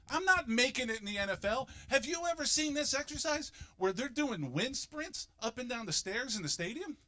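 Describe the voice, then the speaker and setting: A fifty-something man works a stand-up set, his voice swinging widely up and down. His tone is bright and forceful, and he leaps into loud, overblown voices to sell the jokes. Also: very high-pitched, normal speed, few pauses. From Philadelphia, United States. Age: 50s. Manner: animated, jumps into loud exaggerated voices for punchlines. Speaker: stand-up comedian.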